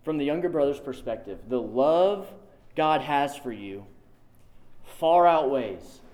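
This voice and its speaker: A man's voice: medium pitch, expressive, slow pace, a little mellow. A man preaching a sermon, emphatic and conversational, repeating key lines for weight. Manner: conversational, dotted with "like".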